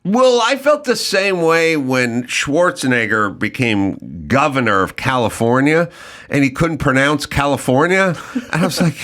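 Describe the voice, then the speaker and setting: A man hosting a casual podcast chat, animated and given to quick mimicking bits. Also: mid-range voice. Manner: animated, mimics accented speech in quick impressions. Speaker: podcast host.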